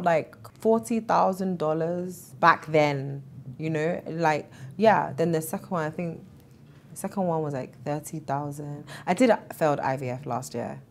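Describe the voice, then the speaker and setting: Animated woman telling her story. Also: deep voice, a little slow. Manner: animated, laughs often, acts out quoted voices. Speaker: interview guest. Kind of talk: emotional interview storytelling.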